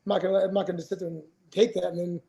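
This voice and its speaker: A man's voice: high voice, level tone, rapid-fire, vocal fry, dark tone, low-quality recording. A man in his forties, a retired fighter, telling stories as a podcast guest in a rambling, profane way, full of restarts. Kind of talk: casual storytelling interview.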